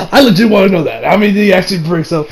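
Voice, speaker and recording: High-voiced excitable male reviewer. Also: quick pace, gravelly, a crowd in the background, rough recording. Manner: excitable, swears freely, laughs often. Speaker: anime reviewer. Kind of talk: casual episode recap.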